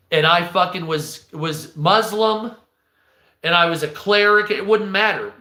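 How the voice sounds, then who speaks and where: A blunt American man rants on a live stream, swearing freely and answering his chat as he goes. His voice sits a bit high and sounds bright. The room around him has a clear echo. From United States. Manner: blunt, profane, talks back to chat. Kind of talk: casual ranting commentary. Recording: echoey room.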